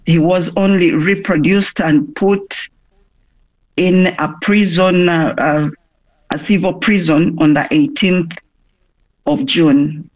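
A woman giving a phone interview, hoarse from a cough, speaking haltingly with many pauses and restarts. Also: on the low side, fairly even intonation, a little mellow, highs cut off. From Uganda.

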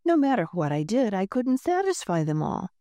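A woman's voice: mid-range voice, big pitch swings, normal speed, dark tone, no room sound, clean studio sound, close to an everyday voice. A woman doing a cheerful, proud baker machine. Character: cheerful male furnace-turned-baker machine.

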